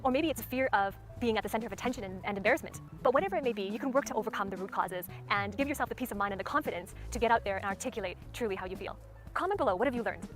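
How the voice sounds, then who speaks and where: A woman's voice: mid-range voice, lively intonation, very fast. A woman giving a speaking lesson, methodically demonstrating tone and stress aloud. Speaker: speaking coach. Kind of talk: instructional talk. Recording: clear background music under voice.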